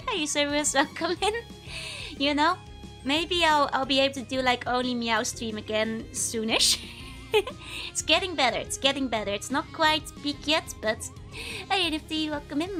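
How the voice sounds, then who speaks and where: Giggly high woman. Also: bright, forceful tone. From Netherlands. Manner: giggly, chatty, greets viewers by name. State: voice still recovering from illness. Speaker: VTuber streamer. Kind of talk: casual live-stream chat.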